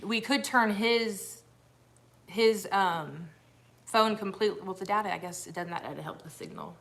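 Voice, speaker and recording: A woman co-hosts a casual livestream from home, talking into a phone. She rambles and restarts her sentences in a loose, chatty way. Her voice sits at an ordinary middle pitch. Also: normal speed, gravelly, fairly bright tone. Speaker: livestream co-host. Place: at home in a house.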